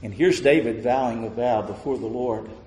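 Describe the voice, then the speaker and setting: A man preaching a sermon in a church, pleading and passionate, then dropping to a hushed, intimate tone. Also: mid-range voice, brisk. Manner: impassioned, swings from loud pleading to hushed near-murmur. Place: church sanctuary. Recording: echoey hall with long reverb.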